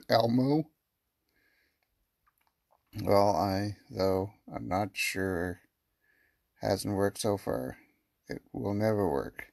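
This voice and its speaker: A man's voice: lowish voice, drawn-out words, vocal fry, long pauses, a little mellow, no room sound, clean studio sound. A man hosting a gaming channel, commenting as he plays a mobile game and reading the chat messages aloud. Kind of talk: let's play commentary.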